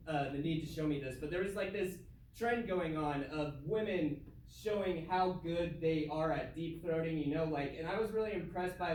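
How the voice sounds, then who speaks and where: A young man performs a casual, self-deprecating stand-up set in a comedy club, laughing at his own jokes. His voice is high-pitched, and the echoey room is heard from far off, with slight background noise.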